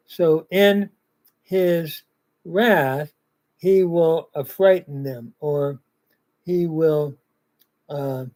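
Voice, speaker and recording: Guy slowly walking thru old bible grammar, lots of uh's, kinda high voice. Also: steady tone, a little mellow. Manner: deliberate, pauses with "uh", reads ancient text aloud. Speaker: Bible language teacher. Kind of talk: slow grammar lecture.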